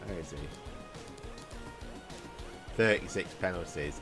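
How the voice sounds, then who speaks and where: A man giving casual, excitable commentary on a football video game, bantering and laughing at the plays. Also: low voice, moderate pace. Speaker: gaming YouTuber. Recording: music playing under voice.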